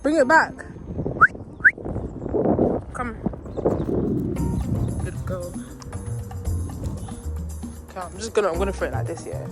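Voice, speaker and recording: A woman's voice: lowish voice, very animated, slow, long pauses. A young woman with a London accent chatting casually in a vlog while walking her puppy outdoors in a park, slang-heavy and laughing nervously, filmed on a handheld phone. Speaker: vlogger. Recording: background music over voice.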